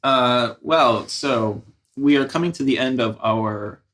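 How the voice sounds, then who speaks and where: A man's voice: mid-range voice, slow pace, fairly bright tone. A man co-hosting a casual podcast chat, laid-back and wry. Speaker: podcast co-host.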